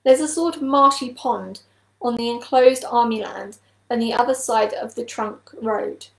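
A woman's voice: on the high side, unhurried, creaky, roomy sound, low-quality recording. A woman voicing an aloof male kestrel who speaks evenly and without concern in a storybook reading. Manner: even, unconcerned.

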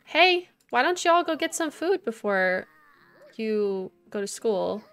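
A woman's voice: a little high, very animated, slow pace, clear, resonant tone. A young woman streaming a life-sim game, chatting casually with her viewers and her game characters, giggling often. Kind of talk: casual gameplay chat. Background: soft game music.

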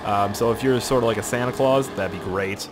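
Music plays as a young man from Nova Scotia, Canada, hosts a gaming video, speaking a little fast in a fairly low-pitched voice. He rambles crudely and swears a lot through an irritated throat, using goofy voices to quote people.

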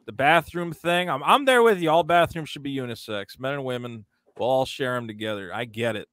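Sarcastic comedian guy chatting, crisp voice, really dry sound. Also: mid-range voice, brisk, fairly bright tone, no echo. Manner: sardonic, joking, quotes people in mocking voices. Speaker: comedian guest. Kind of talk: casual interview chat.

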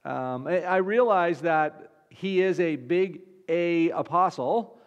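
A man's voice: a little high, slow pace, smooth, highs cut off. A man, a pastor, preaching a conversational sermon with frequent restarts. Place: church. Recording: long reverb of a church hall.

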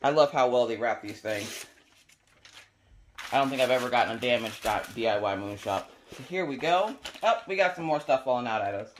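A woman hosting a casual unboxing video, chatty and enthusiastic, her voice squeaky today. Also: animated, fairly quick, slight background noise. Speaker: crafting video host.

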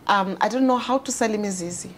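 A South African woman co-hosting a casual panel chat, candid and laughing often, her voice jumping higher when she quotes people. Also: fast talker. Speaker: co-host and founder.

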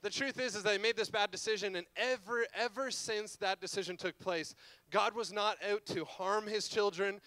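A young man preaching a sermon as pastor, telling a story with lively asides and jokes. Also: high voice, clear, resonant tone, no room sound.

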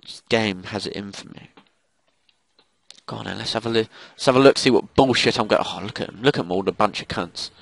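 A man's voice: fairly low pitch, a little fast, vocal fry, fairly bright tone, no room sound. A young man giving live commentary over a shooter game, swearing and ranting in frustrated outbursts. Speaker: gaming commentator.

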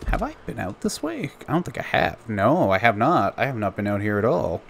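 Casual male streamer, animated, rambling curious asides. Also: lowish voice, brisk, creaky, slight background noise. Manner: chatty, curious, thinks aloud. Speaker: gamer. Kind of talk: let's play commentary.

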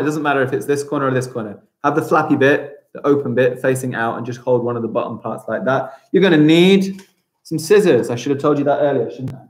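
A man teaching a live-streamed primary school craft lesson, chatting as he narrates each step aloud. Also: medium pitch. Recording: roomy echo.

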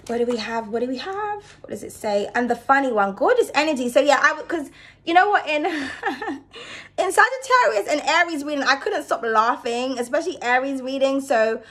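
A woman's voice: high-pitched, lively intonation, moderate pace, fairly bright tone. A woman giving a casual card reading to her viewers, chatty and reassuring, often checking in with "okay?". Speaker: tarot card reader.

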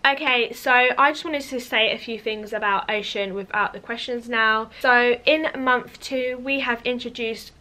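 A woman's voice: fairly high pitch, fairly even intonation, moderate pace, few pauses, bright, forceful tone. A woman chatting casually to camera as a parenting vlogger, often repeating words for emphasis.

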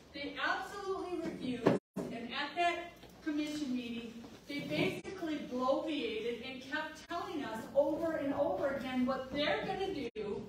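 A woman giving an emphatic public speech at a community center, repeatedly checking in with "okay?". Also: high-pitched. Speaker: community organizer speaking at a candidate forum. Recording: echoey hall, distant mic, noisy.

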